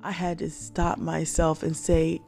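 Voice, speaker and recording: Woman podcast host, low voice, earnest devotional pep talk, repetitive preaching cadence. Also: completely flat delivery, unhurried, creaky, mellow, soft background music. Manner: earnest preaching, repeats phrases for emphasis.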